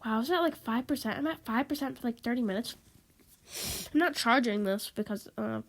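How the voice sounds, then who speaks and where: Speaking a little fast in a slightly high voice, a woman records a casual, meandering vlog on her tablet's microphone. She sounds congested, sniffles, says sorry, and goes back over the same points.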